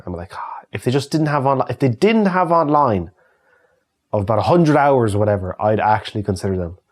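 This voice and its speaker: A man's voice: mid-range voice, very animated, brisk. An Irish man in his thirties, chatting casually and answering viewer questions with loose, swearing humour. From Ireland. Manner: chatty and swears freely, reads questions aloud. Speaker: YouTube creator answering fan questions. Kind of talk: casual solo Q&A chat.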